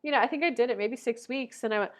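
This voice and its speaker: A woman in her thirties talking casually to her audience as a coach, chatty and animated, acting out what people said. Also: a little high, fast talker. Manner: chatty and animated, acts out quoted voices. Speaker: life and manifestation coach. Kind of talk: casual talking-head vlog.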